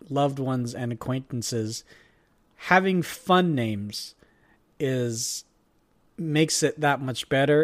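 A young man chatting casually and jokily as a podcast co-host, rambling and animated. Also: mid-range voice. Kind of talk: casual chat.

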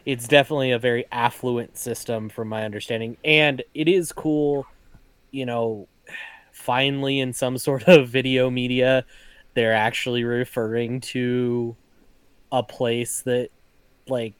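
A man's voice: medium pitch, steady tone, measured pace, smooth, no room sound. A man co-hosting a casual podcast, making laid-back side remarks. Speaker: podcast co-host. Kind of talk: casual chat.

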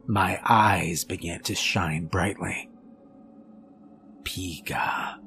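A man reading a horror story aloud in a measured, calm storytelling manner. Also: fairly low pitch, a little hiss or hum. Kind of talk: scripted horror story narration.

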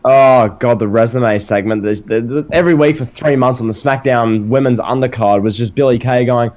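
A man's voice: medium pitch, moderate pace, hardly any pauses, darkish tone. An Australian man hosting a casual wrestling podcast, firing off rhetorical questions with a sarcastic edge. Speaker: podcast host.

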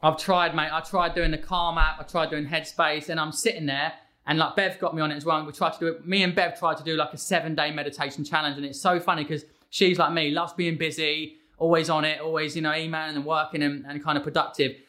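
A man in his thirties talks as a podcast guest. His voice is a little high and bright. He speaks with eager energy and often restarts his sentences. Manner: energetic, quick restarts and repeated words. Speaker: guest, fitness coach. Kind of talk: casual podcast conversation.

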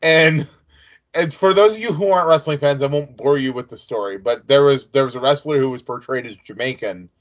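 A man's voice: medium pitch, a little fast. A man co-hosting a podcast, chatting casually and telling long side stories. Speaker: podcast co-host. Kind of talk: casual chat. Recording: dull lo-fi sound.

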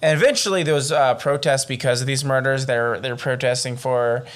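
A man of ordinary pitch co-hosts a casual true-crime podcast. He tells the story in an animated, excitable way and swears freely as he goes. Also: brisk. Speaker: podcast co-host.

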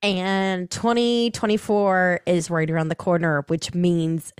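A chatty woman co-hosting a podcast, talking at an unhurried pace. Her voice is close and dry, with no room sound, and she laughs easily as she runs through the news. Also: lowish voice, level tone, clear, resonant tone, dry recording. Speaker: podcast co-host. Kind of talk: casual chat.

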